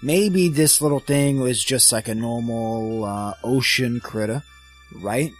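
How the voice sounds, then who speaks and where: A man playing a tabletop game, talking quickly and interrupting with questions. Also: mid-range voice, breathy edge, faint music behind, poor audio. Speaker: player. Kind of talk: casual tabletop play.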